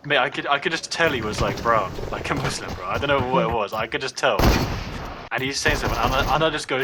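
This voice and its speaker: A man's voice: medium pitch, a little fast. Rambling young man telling a story. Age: 20s. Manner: rambling storytelling full of "like" and swearing. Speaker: storyteller in a party chat. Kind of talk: casual chat. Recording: noisy background ambience.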